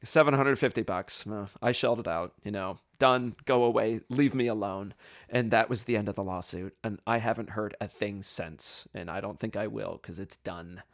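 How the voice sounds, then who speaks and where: A man's voice: fairly low pitch, moderate pace, creaky, few pauses, no echo, clean studio sound. Self-deprecating man telling a story. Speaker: podcast host. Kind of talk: storytelling podcast monologue.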